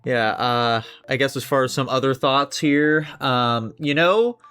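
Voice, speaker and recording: A man's voice: medium pitch, measured pace, a bit bright, smooth, soft background music. A man co-hosting a podcast, reviewing a film in casual chat, loose and swearing with many "like" fillers. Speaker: podcast co-host.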